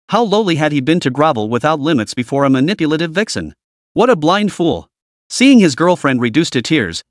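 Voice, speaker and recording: A man narrates a web-novel style story with dramatic flair and a lively, rising and falling delivery. His voice sits fairly high, and the recording is dry and close with no room sound. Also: dry recording.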